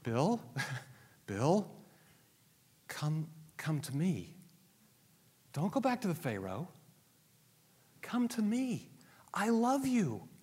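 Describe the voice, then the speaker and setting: A man voicing a gentle loving savior. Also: sits high, wildly swooping pitch, very slow, pauses often, slightly rough, pitched above the performer's own voice, full character voice. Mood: tender. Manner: soft tender pleading. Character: gentle loving male savior calling someone home. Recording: long reverb of a large hall.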